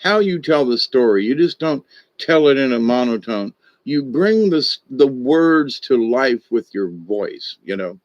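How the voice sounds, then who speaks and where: An older man and former stage director telling rambling, animated stories in a casual monologue, often trailing off and restarting. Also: mid-range voice, dry recording. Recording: dull, dry lo-fi audio.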